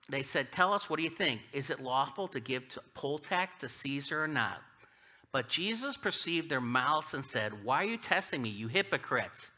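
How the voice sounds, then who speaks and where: A middle-aged man preaching as a guest speaker, telling stories and cracking jokes as he reads scripture. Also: mid-range voice. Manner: animated storytelling, jokey asides. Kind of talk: sermon with humor.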